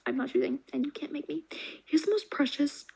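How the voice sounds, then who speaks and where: A young woman reviewing books in a casual vlog, gushing and animated, with soft half-whispered asides. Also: high-pitched, fairly quick, creaky, poor audio. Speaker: book reviewer. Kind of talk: casual reading wrap-up vlog.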